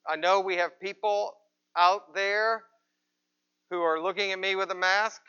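A man's voice: high-pitched, fairly even intonation, a little slow, bright, forceful tone, smooth, lo-fi sound. A man pastor giving a conversational sermon in church, asking rhetorical questions of the congregation. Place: church, with people present and some watching remotely.

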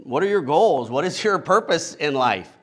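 Male pastor, middle-aged, somewhat high voice, casual conversational sermon, joking asides, keeps asking "right?". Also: big pitch swings, normal speed, a bit bright, slightly rough. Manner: casual, humorous asides, frequent rhetorical "right?".

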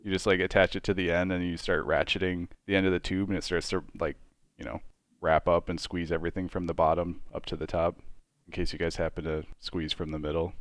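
A man's voice: sits low, level tone, a little fast, no room sound, studio quality. A man co-hosting a casual podcast, curious and full of questions, laughing along. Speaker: podcast co-host.

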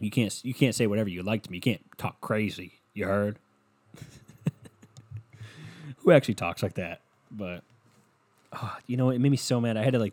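Into a headset at home, a young man hosts his own podcast as a casual solo rant, rambling, swearing offhandedly and joking at his own expense. His voice is fairly low with a darkish tone, and there's no echo.

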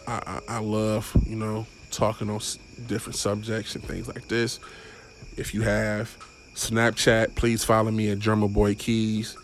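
Young male podcast host, low flat delivery, rambling, cursing, faint music underneath. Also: a little slow, slight background noise. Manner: rambling, stumbling over words, swearing. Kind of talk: casual solo podcast monologue.

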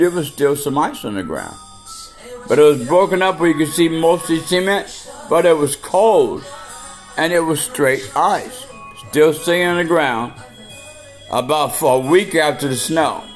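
A man delivering a profane, preachy rant full of rhetorical questions. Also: a little high. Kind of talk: ranting monologue.

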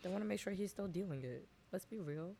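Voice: medium pitch, fast talker, warm tone, slight background noise. Playful podcast co-host telling stories. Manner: storytelling, swearing, playful. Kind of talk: casual chat.

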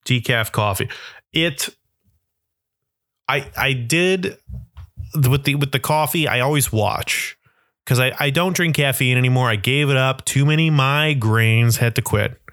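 A man's voice: mid-range voice, a little slow, a bit bright, dry recording, studio quality. A young adult man telling comic stories in a rambling, self-deprecating way. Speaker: comedian. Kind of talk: comedic monologue.

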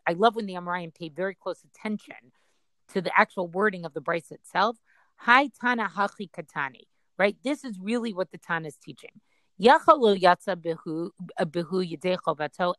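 A woman's voice: medium pitch, a bit bright, no room sound. A woman reading an Aramaic Talmud passage aloud and explaining it in plain English. She checks in with her listeners often by asking "right?". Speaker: Talmud teacher.

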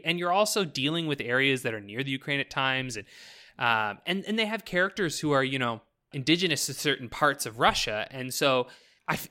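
Rambling Canadian man chatting about games. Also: a little high. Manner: rambling, swearing, animated, breaks into mock voices. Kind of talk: casual chat about video games.

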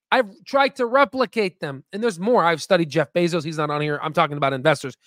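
Male investing host with a higher-than-usual pitch, dry sound; emphatic, rambling, self-promoting commentary. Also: no echo. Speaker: stock market video host. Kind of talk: casual screen-share commentary.

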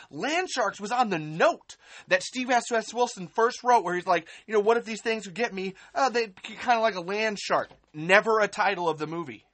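A woman's voice: mid-range voice, fairly bright tone. A woman hosting a live stream, ranting angrily and sarcastically with heavy swearing and repeated emphasis. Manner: angry, profane, sarcastic, repeats herself for emphasis. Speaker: podcast host on a live stream.

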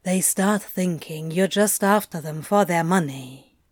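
A woman voicing a smarmy male salesman, speaking lower and slyly. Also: expressive, takes it slowly, a little mellow, no echo, studio quality. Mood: schmoozing.

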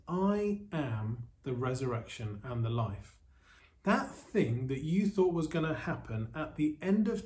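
An earnest male pastor delivering a sermon at a mid pitch. His voice sits a little mellow and warm, and he speaks with steady, reflective pauses. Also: slight background noise. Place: online church service.

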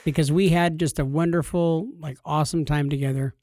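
A man co-hosts a podcast, casually chatting while joking with and teasing his partner. His voice is fairly high and a little mellow, with fairly even intonation and a fairly quick pace, recorded in studio quality with no room sound.

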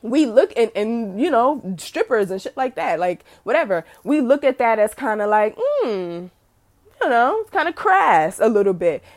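A woman's voice: fairly high pitch, big pitch swings, moderate pace. A young woman hosting a podcast, ranting bluntly and animatedly about cancel culture with profanity and mocking asides. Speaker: podcast host. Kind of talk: casual opinion monologue.

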